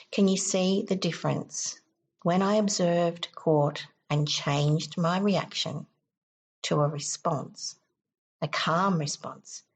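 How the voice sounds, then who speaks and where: A low-pitched woman with a husky, slightly gravelly voice talks a listener through a technique step by step. She sounds calm and instructive, like a self-help podcast host.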